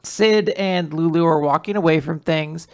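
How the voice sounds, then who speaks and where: A podcast host casually recapping manga chapters, rambling and animated, with frequent asides. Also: medium pitch, normal speed, smooth. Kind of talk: casual chat.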